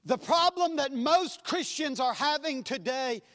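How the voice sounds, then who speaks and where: A man preaching a sermon in a church, impassioned, swinging between loud and soft passages. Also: extremely high pitch, lively intonation, measured pace. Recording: long hall reverb.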